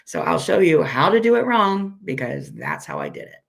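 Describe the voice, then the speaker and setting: A woman with a weak, hoarse voice from a recent illness gives a friendly, self-deprecating live software tutorial and repeats each step slowly. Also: deep voice, wildly swooping pitch. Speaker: software instructor.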